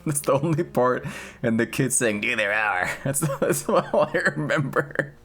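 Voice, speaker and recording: A man's voice: medium pitch, measured pace, a bit bright, faint music behind. A young man streaming a game, chatting casually in a rambling, crude, jokey way and laughing often. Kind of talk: casual gameplay chat.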